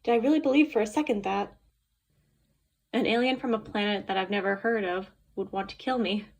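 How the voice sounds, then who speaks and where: A woman's voice: mid-range voice, fairly quick, vocal fry. A woman reading a novel aloud in the first person, with an anxious, introspective telling. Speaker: audiobook narrator.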